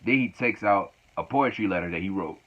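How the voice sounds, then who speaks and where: Low-voiced man rambling through a recap. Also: a little fast. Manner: rambling, repeats words, laughs often. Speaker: wrestling show reviewer. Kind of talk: casual show recap. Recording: lo-fi dull recording.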